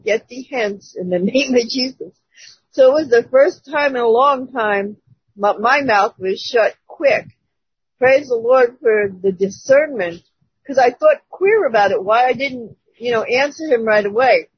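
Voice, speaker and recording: A woman's voice: fairly high pitch, unhurried, breathy edge, dry recording. A woman casually telling a personal testimony to her church group, chatty and laughing between phrases, over a dull lo-fi call. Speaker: church member giving a testimony.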